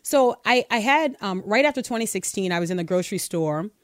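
A woman co-hosting a talk radio show, telling a story in an animated, emphatic way. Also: mid-range voice, fairly quick, no room sound, studio quality. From United States. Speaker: radio co-host.

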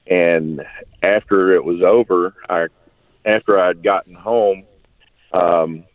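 Caller, a man with a deep voice, heartfelt and rambling, heard over a tinny, dry phone line. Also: steady tone, takes it slowly, no echo. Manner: rambling, heartfelt, with many restarts. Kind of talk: call-in testimony. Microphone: telephone.

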